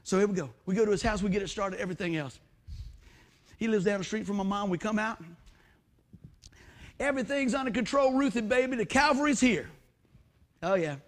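A man's voice: high-pitched, brisk, long pauses. A male preacher, telling a story in a sermon and acting out the quotes. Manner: animated storytelling with acted-out quotes.

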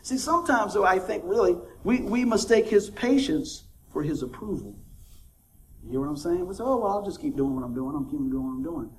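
A high-pitched male pastor preaching an easygoing, conversational sermon to his church. He keeps asking the room for amens and laughs along with his own jokes. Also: lively intonation, fairly quick, a little hiss or hum, poor audio.

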